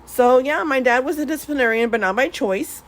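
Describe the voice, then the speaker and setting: A woman vlogger with a high-pitched, brisk voice swatches paints while casually telling her life story. She rambles, laughs often, swears, and drops in Spanish words.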